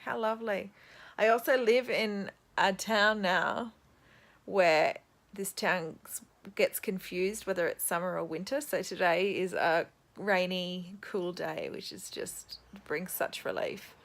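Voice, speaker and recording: A young woman talking casually about her reading in a vlog, reflective and halting, teary after crying. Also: on the low side, steady tone. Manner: reflective, soft-spoken, halting. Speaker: book vlogger.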